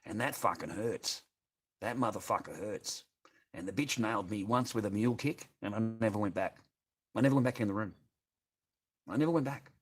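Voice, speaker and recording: Foul-mouthed Australian man, lowish voice. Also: fairly quick, pauses often, slightly rough. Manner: profane, bitter, rambling, swears constantly. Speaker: livestreamer reading chat. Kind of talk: casual rambling livestream chat.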